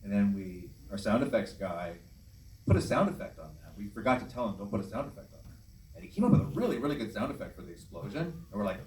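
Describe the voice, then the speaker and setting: Halting, enthusiastic man on a panel. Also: on the low side, sing-song, darkish tone. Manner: halting, enthusiastic, many restarts. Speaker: filmmaker on a convention panel. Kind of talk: casual panel talk. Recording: echoey hall, distant mic, faint noise.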